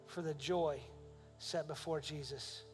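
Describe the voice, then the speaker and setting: Male pastor, fairly high voice, sermon in a reverberant hall, soft music under it. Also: fairly even intonation, unhurried. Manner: rising to emphatic questions, then soft prayer.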